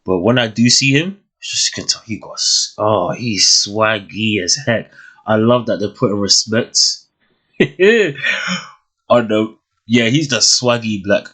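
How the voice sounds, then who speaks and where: A young man giving a casual, thoughtful review of a TV series, often pausing and restarting his sentences. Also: fairly low pitch, a bit bright, husky. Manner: thoughtful, hesitant, many restarts and fillers.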